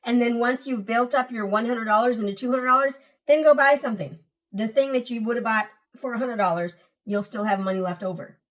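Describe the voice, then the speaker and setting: A woman's voice: on the high side, fairly quick, far from the mic. A woman hosting a personal finance channel, giving casual, emphatic advice straight to her viewers and repeating key points.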